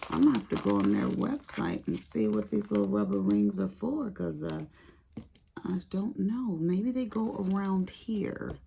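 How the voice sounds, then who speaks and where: A woman's voice: medium pitch, sing-song, measured pace, vocal fry, warm tone, slight background noise. A middle-aged woman chatting casually to her viewers while unboxing craft supplies, calling them honey. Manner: chatty, calls viewers honey, Southern-tinged slang. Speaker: craft vlogger.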